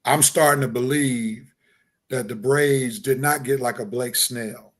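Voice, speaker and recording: A man co-hosting a sports talk stream, giving measured, analytical takes in casual chat. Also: medium pitch, steady tone. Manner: measured and analytical, with fillers and restarts. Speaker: sports show co-host. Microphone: video call.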